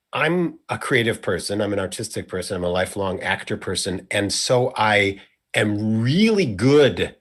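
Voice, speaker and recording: A young man hosting a casual conversation, rambling and self-correcting with a playful streak. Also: fairly low pitch. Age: young adult. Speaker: host.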